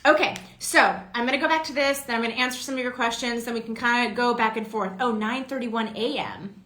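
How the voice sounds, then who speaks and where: A woman's voice: fairly high pitch, brisk, pushed and bright. A woman, an actress, chatting casually on a live stream, greeting fans by name and reading their comments aloud while she signs. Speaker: voice and motion-capture actress hosting a fan signing. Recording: echoey room.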